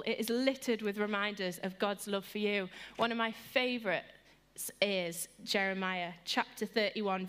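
A woman giving an earnest sermon, repeating phrases and slowing down to stress them, lively when she tells stories. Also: mid-range voice, clean tone. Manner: earnest and repetitive, slowing for emphasis; animated when telling stories. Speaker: speaker giving a devotional talk.

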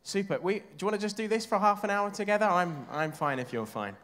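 A man's voice: high voice, quick pace, a bit bright. A man from England preaching a sermon, chatting with his congregation and asking them questions.

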